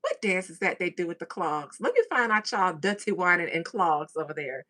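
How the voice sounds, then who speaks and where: Lively, animated woman podcast host. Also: lowish voice, brisk. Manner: loud, laughing, swings between hushed asides and shouts. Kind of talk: casual chat to listeners.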